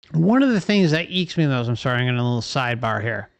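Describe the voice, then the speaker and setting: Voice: medium pitch, sing-song, brisk, no room sound. A livestream host delivering an impassioned, profane rant full of rhetorical questions.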